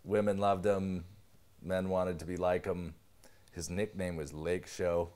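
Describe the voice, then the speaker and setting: A man's voice: low-pitched, little pitch movement, a little slow, darkish tone. A young man, a podcast guest, telling family stories in casual chat, laughing often and swearing casually.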